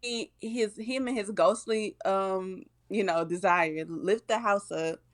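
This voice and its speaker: A woman's voice: mid-range voice, takes it slowly. A woman co-hosting a casual chat, retelling a cartoon and acting out the characters' lines. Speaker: podcast co-host.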